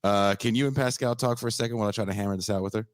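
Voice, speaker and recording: A man's voice: fairly low pitch, racing, no echo. A man hosting a podcast, joking around and introducing a guest in casual chat. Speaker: podcast host.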